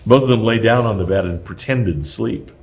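Low-voiced man reading history aloud. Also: moderate pace, a little mellow. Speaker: narrator.

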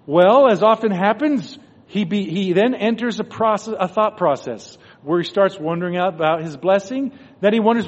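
A man's voice: high-pitched, moderate pace. A man giving a devotional talk, telling a story and acting out the thoughts of the people in it. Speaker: religious speaker. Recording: dull recording in a reverberant hall.

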